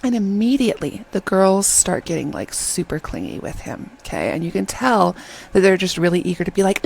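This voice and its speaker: A woman chatting through a casual video review, retelling scenes in an animated way and often checking in with "okay?". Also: on the low side, a little fast, vocal fry, a little hiss or hum, rough recording. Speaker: drama reviewer.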